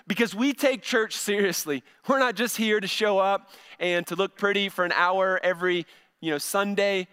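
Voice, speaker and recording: A man's voice: high-pitched, bright, forceful tone, clean tone. A middle-aged male pastor giving a conversational sermon, often repeating words as he starts a phrase.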